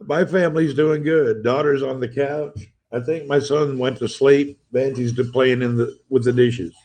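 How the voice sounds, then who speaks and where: A man's voice: mid-range voice, steady tone, normal speed, darkish tone. Chatty man hosting a home livestream. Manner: chatty, greets viewers by name and reads their comments aloud; teasing, playful. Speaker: livestream host. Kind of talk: casual live-stream chat. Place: at home with family nearby. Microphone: phone livestream.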